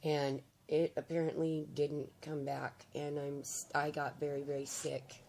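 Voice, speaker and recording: An older woman vlogging to camera, hoarse and raspy from losing her voice, talking in a rambling, heartfelt way with hesitant fillers. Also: low voice, level tone, normal speed, background noise. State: hoarse, nearly lost voice. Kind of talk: casual to-camera chat.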